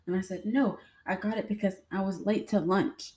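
A woman's voice: lowish voice, a little slow, hardly any pauses, dark tone. A young adult woman telling her own stories to viewers in a casual, rambling way, full of fillers. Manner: chatty, rambling, with many fillers. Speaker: vlogger. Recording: echoey room.

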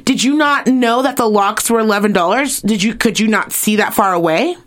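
Animated, profane woman telling a story. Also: fairly high pitch, normal speed. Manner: animated, profane, acts out quoted people. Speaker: podcast co-host. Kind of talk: casual storytelling chat.

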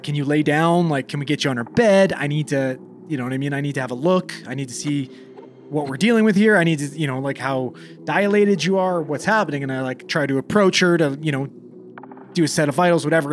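A man's voice: on the high side, a little hiss or hum. A young man, a paramedic, casually telling a call story, swearing freely and acting out the dialogue.

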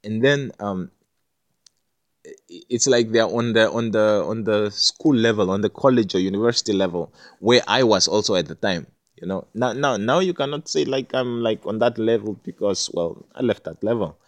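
A man not from Jamaica tells a personal story casually, rambling loosely with plenty of fillers and restarts. His voice is lowish, his pace normal, and there's no echo.

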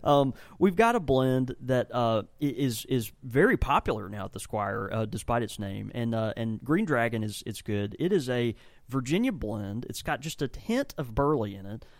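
A man's voice: mid-range voice, lively intonation, normal speed, no echo. Rambling, enthusiastic man in casual chat. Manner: rambling, enthusiastic, many restarts. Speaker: tobacco shop owner and blender. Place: in his tobacco shop.

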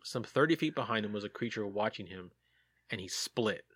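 A man's voice: on the low side, animated, a little fast, fairly bright tone, husky. A man hosting a casual podcast, reading sighting reports aloud and joking about them. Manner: jokey, reads reports aloud with asides.

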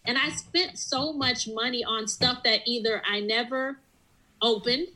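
A woman's voice: fairly high pitch, unhurried, sharp tone, rough recording. A woman who runs her own business, telling her story in an interview in an earnest, reflective way. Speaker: business owner and guest. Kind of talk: interview conversation.

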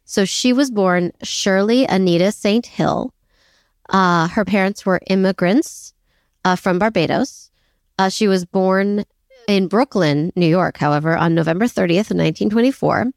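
A woman's voice: mid-range voice, unhurried, vocal fry, no room sound, studio quality. A woman co-hosting a casual history podcast, chatty and self-deprecating, laughing often as she tells the story. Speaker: podcast co-host.

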